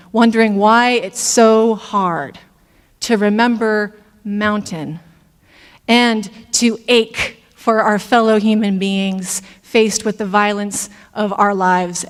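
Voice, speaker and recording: A woman minister giving a reflective sermon, speaking deliberately with pauses. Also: mid-range voice, fairly even intonation, long reverb tail. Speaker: intern minister. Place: church sanctuary.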